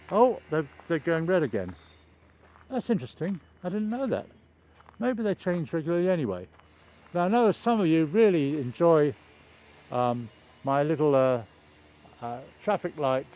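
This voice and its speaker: A man's voice: fairly high pitch, darkish tone, slight background noise. An older man vlogging outdoors beside a construction site, chatting in a meandering, hesitant way with wry self-deprecating humour, filming on a handheld phone. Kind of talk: rambling casual vlog chat.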